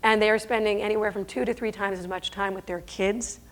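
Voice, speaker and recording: A woman's voice: medium pitch, fairly even intonation, brisk. A middle-aged woman giving a conference talk on stage, emphatic and rhetorical, sometimes stumbling and correcting herself. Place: stage before an audience.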